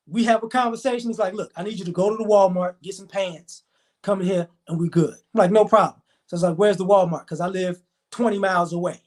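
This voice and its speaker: A man's voice: high voice, darkish tone. A man ranting as he tells a story, swearing often and acting out the dialogue of the people in it. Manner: profane, heated, fast retelling with quoted dialogue. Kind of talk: storytelling rant to camera.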